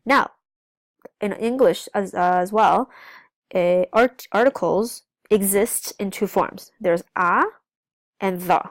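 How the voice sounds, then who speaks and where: A woman's voice: mid-range voice, takes it slowly, no room sound, clean studio sound. A woman teaching a language lesson, explaining step by step and often checking in with "okay?", switching between two languages. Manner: switches between English and Spanish. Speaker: Spanish teacher. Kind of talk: recorded classroom lesson.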